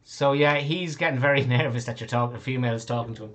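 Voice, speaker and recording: A man's voice: mid-range voice, fast talker, fairly bright tone, slight background noise. A man narrating as game master, rambling with lots of fillers. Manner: rambling storyteller, many fillers.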